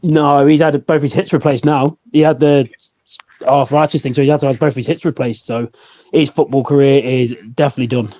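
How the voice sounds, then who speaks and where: A man's voice: mid-range voice, fairly even intonation, a little fast, warm tone. A laid-back man co-hosting a casual football chat podcast, laughing often. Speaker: podcast co-host. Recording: dull lo-fi audio.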